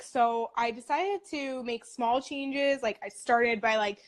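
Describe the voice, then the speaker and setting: A woman's voice: a little high, fairly bright tone. A young woman in her twenties, a dietitian, talking about her path in a casual, upbeat interview, with lots of "like" fillers. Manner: chatty, upbeat, many "like" fillers.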